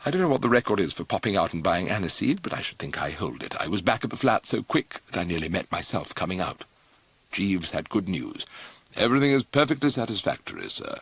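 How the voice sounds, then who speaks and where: Expressive male audiobook narrator, gravelly and animated, recorded dry. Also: deep voice, brisk. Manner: lively, expressive storytelling.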